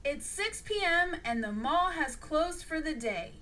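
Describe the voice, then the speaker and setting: A woman narrating a storybook audiobook in a plain, unhurried read-aloud style. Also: sits high, big pitch swings, sharp tone, a little hiss or hum.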